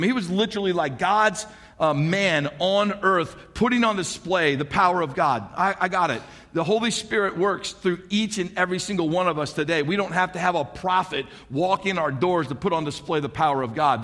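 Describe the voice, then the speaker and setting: A man preaches a sermon in a lively, conversational style, repeatedly throwing rhetorical questions at the congregation. His voice is high, and a long reverb tail trails after his words.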